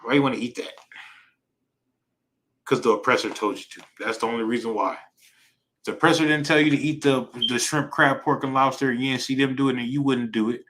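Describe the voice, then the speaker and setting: A man's voice: medium pitch, a little fast, fairly bright tone, rough recording. A man teaching an informal Bible class in a casual, slangy way, often repeating himself and asking "right?" for agreement. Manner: repetitive, emphatic, slangy, asks "right?" often.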